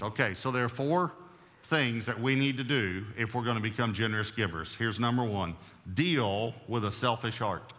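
In a space with long, hall-like reverb, a male preacher speaks at a medium pitch with a bright, forceful tone. He hammers home key phrases through repetition and eases his pace whenever he turns to scripture.

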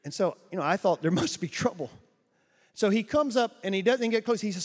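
A man preaching a sermon as a missionary, telling stories in an animated way, laughing often and mimicking sounds. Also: sits high, a little fast. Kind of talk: storytelling sermon. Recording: echoey hall with long reverb.

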